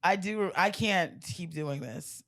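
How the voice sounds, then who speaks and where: A woman in her forties, a comedian guest, telling a long joke in casual podcast chat, animated and laughing often. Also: fairly low pitch, slow. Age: 40s. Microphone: studio mic.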